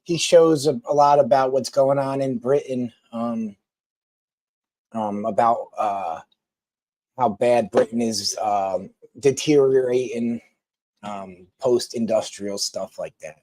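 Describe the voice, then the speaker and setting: A man's voice: medium pitch, fairly even intonation, takes it slowly, a little mellow, dry recording. A man chatting casually with viewers on a live stream, rambling with lots of ums and restarts.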